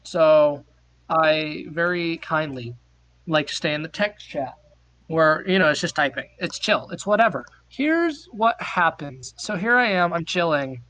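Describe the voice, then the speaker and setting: Young guy on a podcast, high bright voice, giggles and stammers thru a story, dry close mic. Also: expressive, measured pace, poor audio. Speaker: podcast co-host. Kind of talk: casual chat, storytelling.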